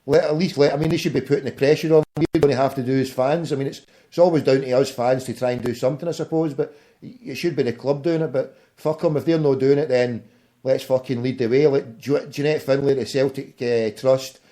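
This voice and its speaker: Scottish man, mellow dark voice, blunt profane casual chat. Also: mid-range voice, steady tone, brisk. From Scotland. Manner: profane, blunt, frequent "mate".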